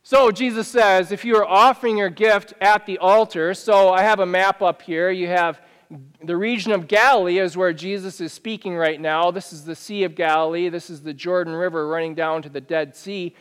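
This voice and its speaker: A man preaching a sermon as pastor, talking in a conversational, animated way with many questions to the listeners. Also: high voice, normal speed, smooth. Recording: long reverb of a church hall.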